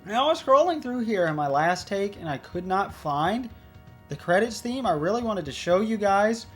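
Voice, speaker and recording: A chatty let's play host talking through a puzzle game. The voice rambles casually with a lively, animated pitch. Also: normal speed, soft background music. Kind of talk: casual gameplay commentary.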